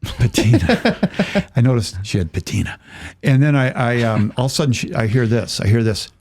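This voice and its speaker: An older man, a podcast guest, telling a lively story in casual conversation and acting out the voices of the people in it. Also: medium pitch, moderate pace. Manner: acts out voices in his stories, chuckles often.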